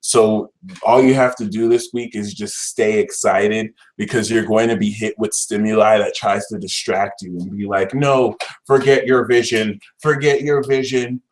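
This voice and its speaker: A man's voice: flat delivery, moderate pace. Dramatic, slangy tarot reader man. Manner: dramatic, exasperated, swings to shouting and high-pitched outbursts; slang-heavy, fillers like "like", "y'all". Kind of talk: casual tarot reading vlog.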